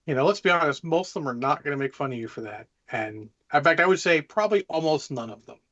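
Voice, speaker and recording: A man's voice: fairly high pitch, lively intonation, quick pace, sharp tone, muffled recording. A man co-hosting a tabletop gaming podcast, talking loosely and animatedly in casual chat. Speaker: podcast co-host, game master.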